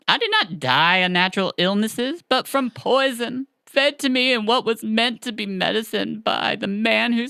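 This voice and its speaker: A podcast host voicing the spirit of a dead young daughter who speaks as a snake, in a high, overblown and theatrical manner. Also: vocal fry, sharp tone, clear, resonant tone, dry recording. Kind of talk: comic podcast retelling.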